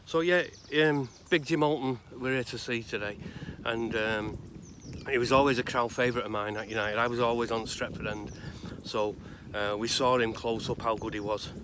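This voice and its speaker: A man speaks at a middling pitch and tells his story in a loose, conversational ramble full of pauses. He is recording outdoors in a cemetery. Clear outdoor noise and distant traffic run under his voice. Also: fairly even intonation. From Salford, England. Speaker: grave-visiting vlogger. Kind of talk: casual spoken tribute and storytelling.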